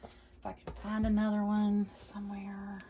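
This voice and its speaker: A woman's voice: medium pitch, completely flat delivery, measured pace, warm tone, a little hiss or hum. A woman hosting a casual quilting tutorial, chatty and reassuring, who repeats each instruction step by step. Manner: reassuring and encouraging. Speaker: quilting video host.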